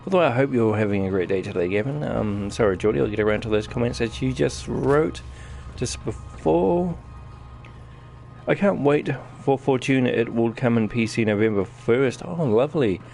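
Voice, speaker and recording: A man's voice: mid-range voice, normal speed, gravelly, a little mellow, soft background music. A man with a New Zealand accent giving casual live-stream commentary while playing a game, chatting to his viewers as he goes. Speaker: gaming streamer.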